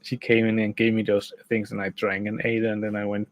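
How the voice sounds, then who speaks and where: A man's voice: lowish voice, monotone, fairly quick, no echo, rough recording. A man casually telling a rambling story from a room by a bed, full of restarts and "like". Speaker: gaming channel host.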